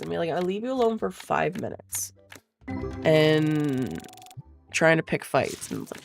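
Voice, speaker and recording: Gravelly-voiced woman, blunt storytime chat. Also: low voice, sing-song, unhurried, soft background music. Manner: blunt, profane, laughs often. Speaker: vlogger telling a story.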